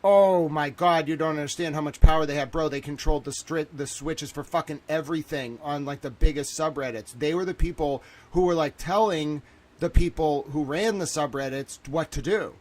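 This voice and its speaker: A man's voice: fairly high pitch, normal speed. A man in his thirties hosting a livestream, panicked and swearing, exclaiming and repeating himself as he talks to his viewers. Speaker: livestream host. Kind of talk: agitated livestream monologue.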